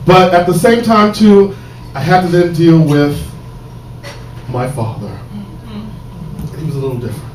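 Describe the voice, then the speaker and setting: Animated guy doing stand-up on stage, hushed then shouting, noisy echoey recording. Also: fairly high pitch, normal speed, pauses often. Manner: animated, swings from hushed asides to shouted punchlines. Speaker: stand-up comedian. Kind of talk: stand-up storytelling. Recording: roomy live stage sound from a distance, audible noise.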